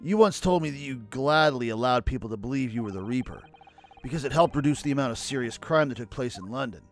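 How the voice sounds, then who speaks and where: Young defense lawyer voiced by a man, earnest, persuasive, animated, mid pitch. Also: quick pace, faint music behind, lightly acted. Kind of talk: reading game dialogue aloud.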